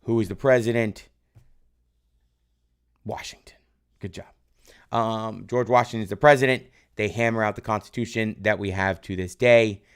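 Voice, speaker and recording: Male teacher, low gravelly voice, casual live review lesson, keeps quizzing the class and praising answers. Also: fairly even intonation, brisk. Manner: quizzes viewers and praises their answers from chat; loose, rambling, tag questions like "right?". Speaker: history teacher.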